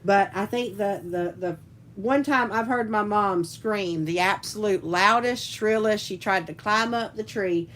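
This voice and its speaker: Woman, live-stream host, chatty rambling storyteller who laughs a lot, mid-pitched voice. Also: a little slow, fairly bright tone, slight background noise, poor audio. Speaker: livestream host and teacher. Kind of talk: casual live chat reading viewer comments.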